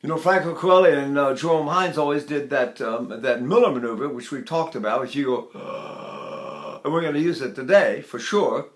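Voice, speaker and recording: A man's voice: a little high, brisk, few pauses. An older man teaching voice with enthusiasm, breaking into sung vowel staccatos and breath demonstrations. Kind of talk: vocal lesson with sung demonstrations.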